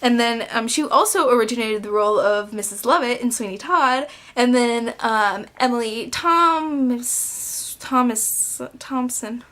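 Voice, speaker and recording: Brief: young woman vlogger, casual review, rambling with lots of fillers, a touch high. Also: unhurried, a bit bright. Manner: rambling, filler-heavy, self-interrupting. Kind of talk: casual film review vlog.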